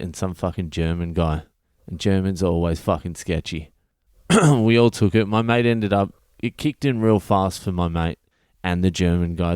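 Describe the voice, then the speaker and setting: Deep-voiced sweary Australian man. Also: a little mellow, clear, resonant tone, no room sound. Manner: sweary, blunt, rambling storytelling. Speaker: comedian podcast host. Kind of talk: casual storytelling monologue.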